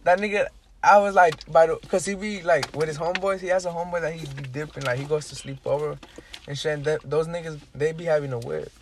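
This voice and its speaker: High-voiced young man telling a wild story. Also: fast talker, a little hiss or hum. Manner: animated storyteller, heavy slang and profanity, acts out quotes. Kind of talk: casual chat.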